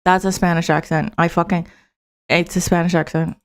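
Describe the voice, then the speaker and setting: Smooth-voiced woman commentator, swearing, scornful, heated. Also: lowish voice, flat delivery, normal speed. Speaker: political commentator. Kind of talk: profane reaction commentary.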